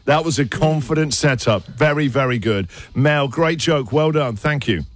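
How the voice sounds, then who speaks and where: A man's voice: a little high, no room sound, faint music behind. A man hosting breakfast radio, teasing and chatty. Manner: jokey, teasing, quick asides. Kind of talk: casual radio banter.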